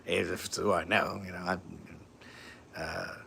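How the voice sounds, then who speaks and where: A man's voice: low-pitched, level tone, unhurried, gravelly, bright, forceful tone, a little hiss or hum. A man hosting a casual livestream, rambling through viewer questions with lots of fillers and restarts, speaking. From San Francisco area. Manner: rambling, many fillers and restarts, laid-back. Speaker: livestream host. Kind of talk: casual livestream chat answering comments.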